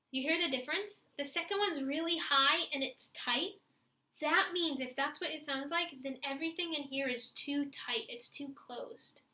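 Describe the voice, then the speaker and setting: A young woman teaching saxophone students to stretch and breathe, guiding them step by step and showing sighs and deep breaths herself. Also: bright, forceful tone, roomy sound. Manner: encouraging, demonstrates breaths and sighs. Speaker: music teacher. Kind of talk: instructional video for young students.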